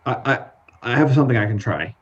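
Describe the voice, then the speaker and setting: Brief: mid-pitched man running a tabletop game, halting delivery, muffled sound. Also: expressive. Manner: halting, stammering restarts. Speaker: game master and player. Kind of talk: casual tabletop role-play narration.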